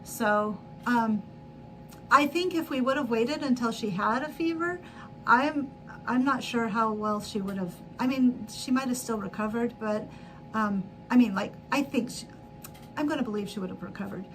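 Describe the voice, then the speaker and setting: A woman's voice: a little high, moderate pace, a bit bright, a little hiss or hum, low-quality recording. A middle-aged woman hosting a sewing livestream, telling a long rambling story with frequent laughs and self-corrections. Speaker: livestream host. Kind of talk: casual chat while sewing.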